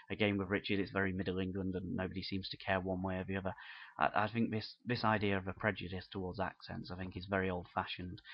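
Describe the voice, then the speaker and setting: A man's voice: sits low, slightly rough, highs cut off. A man from the United Kingdom presenting an unscripted business marketing lesson in an earnest, encouraging, conversational way. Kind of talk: unscripted instructional talk.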